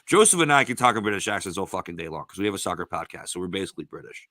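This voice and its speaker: Here is a young man co-hosting a rowdy sports betting chat. He teases his friends with a lot of swearing, in a bright, forceful voice. The sound is dry and close, with no room around it. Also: low voice, expressive, rapid-fire, no room sound. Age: young adult. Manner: loud, swearing, teasing. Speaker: podcast co-host.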